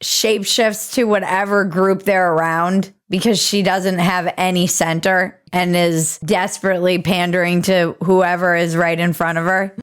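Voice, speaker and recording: A woman's voice: on the low side, clean tone. A woman hosting a podcast, giving casual, opinionated commentary in an irreverent, sarcastic way and swearing casually. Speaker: podcast host.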